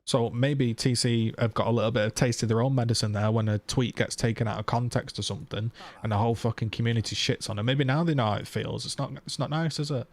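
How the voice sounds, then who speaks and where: A man's voice: medium pitch, steady tone, fast, few pauses, dry recording. A man streamer ranting heatedly to his viewers, swearing and firing off rhetorical questions. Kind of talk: casual live-stream rant.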